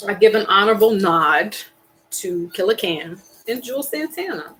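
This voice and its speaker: A woman chats casually on her live stream in an animated, rambling way. Her talk is slangy and emphatic, her pitch sits mid-range, and she often breaks into a sigh or a laugh. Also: measured pace, a little hiss or hum, rough recording. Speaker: tarot reader and live stream host.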